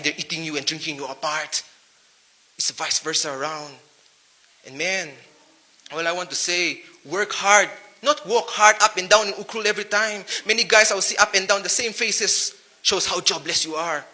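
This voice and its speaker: Man, Naga accent, high voice, preachy motivational talk, rhyming wordplay, rhetorical questions. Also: steady tone, moderate pace, bright, forceful tone. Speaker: rapper giving a motivational talk. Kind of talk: motivational speech to young men.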